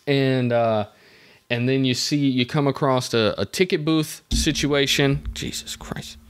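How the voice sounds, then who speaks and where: A man's voice: mid-range voice, steady tone, unhurried, clear, resonant tone. A young man hosting a podcast, telling a story in a rambling, wry, self-interrupting way. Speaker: podcast host. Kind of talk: casual comedic storytelling.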